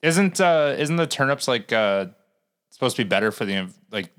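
A man's voice: mid-range voice, lively intonation, moderate pace, fairly bright tone, clear, resonant tone. A man co-hosting a casual podcast. He jokes crudely and often slips into mocking impressions. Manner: joking, profane, does mocking voices. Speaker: podcast co-host. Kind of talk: casual chat.

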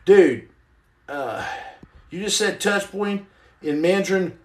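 Texas guy rambling on his podcast, kinda high voice, echoey room. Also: very animated, unhurried, pauses often. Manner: rambling, digressive, lots of "you know what I'm saying". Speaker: podcast host. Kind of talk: casual livestream chat, reading viewer comments.

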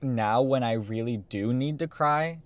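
A young man co-hosting a casual podcast, speaking openly and supportively about personal feelings. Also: mid-range voice. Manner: open, supportive listener, speaks quickly in bursts. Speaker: podcast co-host. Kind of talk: casual chat.

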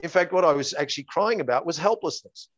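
A man's voice: on the high side, expressive, quick pace, no echo. A man, a therapist, explaining his method in an interview. He talks in a methodical, repetitive way and sometimes acts out exchanges with his clients. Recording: dull lo-fi dry audio.

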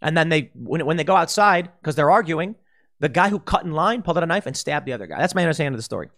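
A man's voice: a little high, expressive, fast, fairly bright tone. A man giving opinion commentary in an exasperated, combative ranting manner. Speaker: political commentator.

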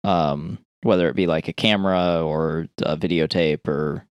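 A man's voice: very deep voice, fairly even intonation, normal speed, clear, resonant tone, dry recording, studio quality. A man co-hosting a casual movie podcast, chatty and rambling, swearing casually. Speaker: podcast co-host. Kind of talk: casual movie review chat.

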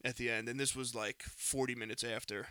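A man's voice: medium pitch, brisk, clean tone, no echo. A man casually telling a heated, profane story on a podcast, close to the mic. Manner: animated, profane, heated retelling.

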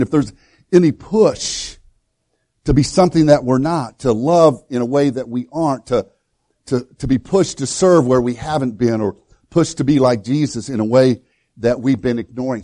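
A male pastor preaching a sermon in a folksy, storytelling way, with many halting restarts. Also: medium pitch, warm tone. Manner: storytelling, folksy and self-deprecating.

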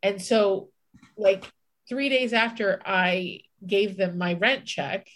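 A woman's voice: medium pitch, takes it slowly, a bit bright. A woman co-hosting a podcast, telling a personal story in casual chat, candid, swearing and acting out her own inner voice. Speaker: podcast co-host.

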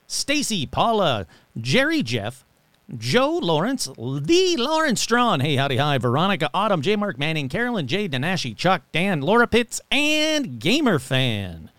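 A man with a fairly high voice hosts his podcast alone, his pitch leaping up and down as he talks. He rambles with a wry, self-mocking humor and rattles off names of supporters. The recording sounds close and dry, with no room around it. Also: huge pitch swings, a little slow, fairly bright tone, no echo. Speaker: podcast host. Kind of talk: casual podcast monologue.

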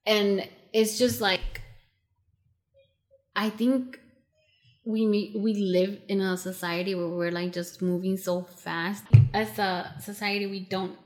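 A woman co-hosting a casual podcast chat, animated and acting out other people's lines, with casual swearing. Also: medium pitch, slow. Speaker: podcast co-host.

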